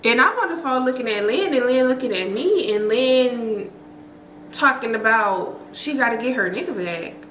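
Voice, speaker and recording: A woman's voice: on the high side, normal speed, reverberant, a little hiss or hum, poor audio. A woman vlogger telling a story to her viewers in a chatty, slangy, profane way, full of fillers and acted-out quotes. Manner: expressive, acts out quotes.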